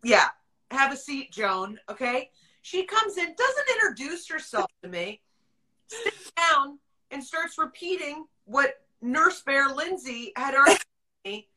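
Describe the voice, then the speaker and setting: A woman's voice: high-pitched, very animated, unhurried, sharp tone, low-quality recording. A woman hosting a podcast, telling a story in a casual, candid way, swearing freely, laughing often and acting out the people she quotes. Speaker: podcast host.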